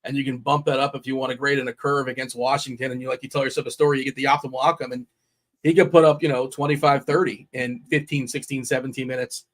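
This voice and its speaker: A man's voice: medium pitch, level tone, fast. A man hosting a fantasy sports livestream, talking casually and with animation, rambling and laughing often. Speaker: DFS show host.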